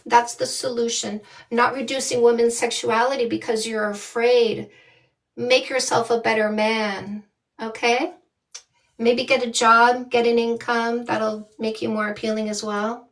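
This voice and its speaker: Blunt, high-voiced woman on a live stream. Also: unhurried, recorded from a distance. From Canada. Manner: blunt and animated, addressing viewers as "my loves". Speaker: dating coach. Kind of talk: casual live-stream chat.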